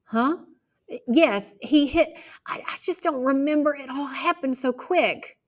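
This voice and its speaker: A woman reading aloud, voicing a rough-spoken young woman witness who gives defiant, stumbling answers. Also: high voice, unhurried, pitched above the performer's own voice. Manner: defiant, stumbling answers, plain country grammar.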